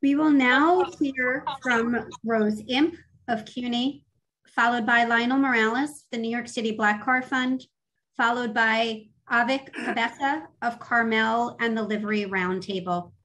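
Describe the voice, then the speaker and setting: A woman moderating a remote council hearing, calling each speaker in a measured, formal way over a video call. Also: fairly high pitch, fairly bright tone, slight background noise. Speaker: committee staff moderator. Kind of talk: formal procedural announcements.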